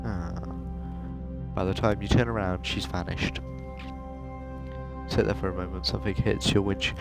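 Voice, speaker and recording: A man reads the story text of a narrative game aloud for his video. His voice sits on the low side and stays even and steady. Game music plays clearly under every line. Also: normal speed. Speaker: gaming video host. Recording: game music playing behind.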